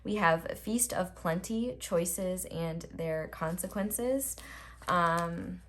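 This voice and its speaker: A woman's voice: lowish voice, drawn-out words. Chatty young woman reading tarot. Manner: chatty, rambling, lots of filler words. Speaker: tarot reader. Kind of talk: casual pick-a-card tarot reading.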